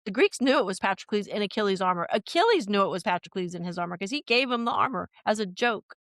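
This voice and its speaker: A woman chatting on a podcast, telling stories in a rambling, animated way with many restarts. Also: mid-range voice, quick pace, no echo, studio quality. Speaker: podcast guest. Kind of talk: casual podcast chat.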